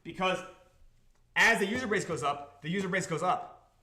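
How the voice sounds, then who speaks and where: A man hosting a livestream about his crypto project, talking to the chat in an excitable, profane, repetitive way. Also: high voice, normal speed, reverberant. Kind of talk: livestream talk to a chat audience.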